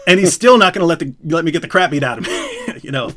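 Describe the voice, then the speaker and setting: A man's voice: fairly high pitch, lively intonation, fast, bright, forceful tone. A middle-aged man hosting a live stream, telling prison stories casually, acting out quotes and laughing often. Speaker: host. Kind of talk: casual storytelling on a livestream.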